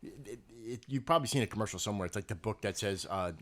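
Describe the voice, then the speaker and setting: Middle-aged man, podcast co-host, casual banter, animated, laughs often. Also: on the low side, quick pace, slight background noise. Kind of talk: casual chat.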